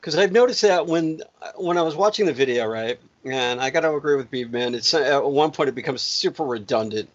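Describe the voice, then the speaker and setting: A man co-hosting a casual podcast chat, telling stories in an animated way with laughs. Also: mid-range voice, fairly quick. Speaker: podcast co-host. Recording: dull lo-fi sound.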